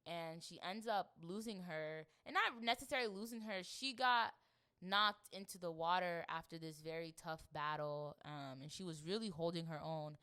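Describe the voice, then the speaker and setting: A young woman from Florida co-hosting a podcast in casual chat, animated and acting out scenes. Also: on the low side, moderate pace, clear, resonant tone. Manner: animated, acts out scenes with quoted voices. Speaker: podcast co-host.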